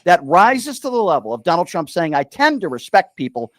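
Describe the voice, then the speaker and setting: A man's voice: high-pitched, big pitch swings, a little fast, no room sound. A man calling in to debate the host, combative and interrupting, who keeps hammering his points by saying the host's name again and again. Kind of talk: heated call-in debate.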